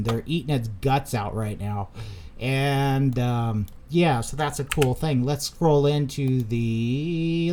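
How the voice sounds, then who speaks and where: With a fairly high but dark-toned voice and slight background noise, this man talks loosely over a crypto chart as he marks it up. His asides to viewers are chatty and self-correcting, with excited bursts during greetings.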